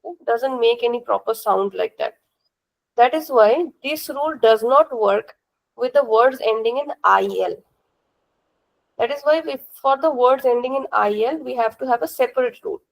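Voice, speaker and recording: Young female teacher, Indian accent, slightly high voice with gravelly fry, patient and repetitive classroom explaining. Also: moderate pace, low-quality recording. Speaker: language teacher.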